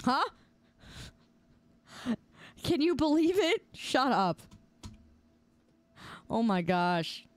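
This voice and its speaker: A woman's voice: high-pitched, very animated, extremely slow, pauses often, no room sound. A woman streamer playfully teasing her chat with mock-angry outbursts while gaming. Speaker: game streamer.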